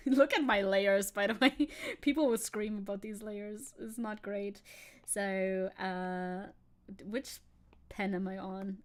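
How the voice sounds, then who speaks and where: A woman's voice: a little high, fairly bright tone. A young woman streaming as a VTuber, chatting casually and rambling, often giggling and reading chat aloud.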